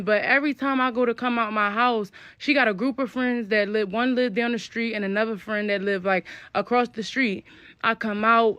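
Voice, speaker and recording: A young woman with a fairly high voice tells a storytime in a blunt, slangy way and spells out her curse words. The recording sounds dull and lo-fi, dry and close. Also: fairly bright tone, no echo. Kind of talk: casual storytime.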